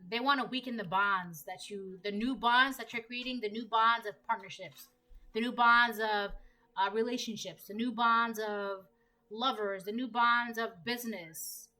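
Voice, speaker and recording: Woman tarot reader, fairly high and bright voice, chatty and repetitive, casual card reading. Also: steady tone, moderate pace, rough recording. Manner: repetitive, conversational, reads cards aloud.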